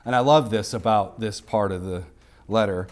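A man, a pastor, preaching an expository sermon with emphatic rises and quiet asides. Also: lowish voice, normal speed. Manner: emphatic, rising to sharp exclamations and dropping to quiet asides. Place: church sanctuary.

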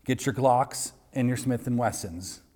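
Male preacher, mid-pitched, emphatic sermon delivery with rising peaks; long reverb. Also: measured pace, warm tone.

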